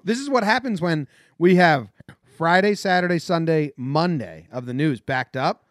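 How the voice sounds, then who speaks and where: A man's voice: on the high side, expressive, moderate pace, no echo. Dry-voiced joking male podcast host. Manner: laid-back, joking, reads odd headlines with dry asides. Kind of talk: casual sports and news chat. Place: old beach cottage on an island.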